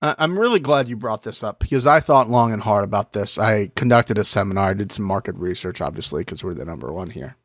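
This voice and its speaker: A man's voice: fairly low pitch, animated, quick pace, hardly any pauses, no room sound, studio quality. A man co-hosting a podcast, chatting casually about a reality TV episode and joking as he acts out quotes in mock voices. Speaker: podcast co-host. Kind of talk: casual reality TV recap chat.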